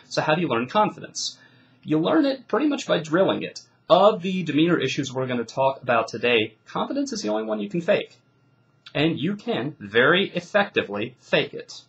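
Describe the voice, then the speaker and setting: A man's voice: mid-range voice, fairly bright tone, rough recording. A man coaching debaters, giving instruction in an emphatic, declarative way. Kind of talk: instructional talk.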